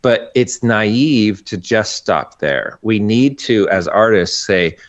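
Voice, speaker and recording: A man's voice: lowish voice, lively intonation, unhurried. A man, a guest animator, talking earnestly and emphatically in a casual podcast discussion, often restarting his sentences. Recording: muffled, dull audio.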